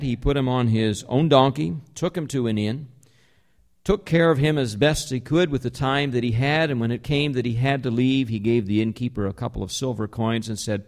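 A man preaching a sermon in a mid-pitched voice. He explains calmly and conversationally, and he slows to lean on single words for emphasis. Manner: slows down to stress key words. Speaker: pastor.

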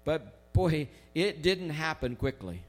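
A man preaching a sermon in a conversational way, slowing down to stress key phrases. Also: on the high side, big pitch swings, soft background music. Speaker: pastor.

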